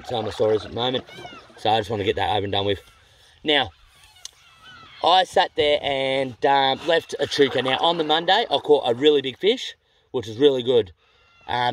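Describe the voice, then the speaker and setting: A quick-talking Australian man recounts his trip in a loose, conversational vlog. His voice sits at an ordinary pitch, and his delivery is rapid. He wanders, backtracks over details and swears freely. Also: a little hiss or hum. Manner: rambling, self-correcting, blunt and sweary. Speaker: vlogger. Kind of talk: casual storytelling.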